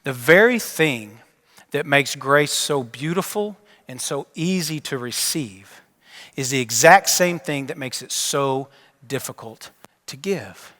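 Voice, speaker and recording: A man's voice: medium pitch, expressive, slow. Man preaching in a reverberant church. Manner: storytelling delivery that drops from emphatic to hushed. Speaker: pastor. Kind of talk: sermon. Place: church sanctuary.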